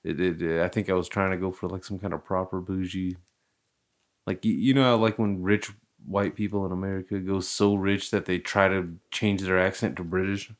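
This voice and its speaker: A man's voice: deep voice, level tone, normal speed. A young man hosting a casual podcast chat, rambling, laughing often and swearing freely. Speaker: podcast host.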